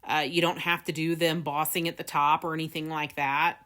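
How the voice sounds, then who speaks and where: Woman, craft tutorial host, low-ish voice, casual and rambling with fillers. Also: little pitch movement, brisk, pushed and bright. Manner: chatty, laughs often, many fillers.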